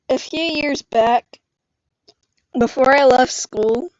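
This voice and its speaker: A young woman live streaming and chatting casually with her viewers, congested from allergies and prone to emotional high squeals and laughter. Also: dry recording, muffled recording. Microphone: phone or computer mic.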